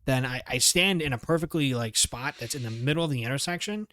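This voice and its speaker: A man's voice: medium pitch, fast, no room sound, clean studio sound. A young man co-hosting a podcast, telling a story in casual, profane chat and acting out the other people's lines. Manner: animated storyteller, swears a lot, acts out voices of others. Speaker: podcast co-host.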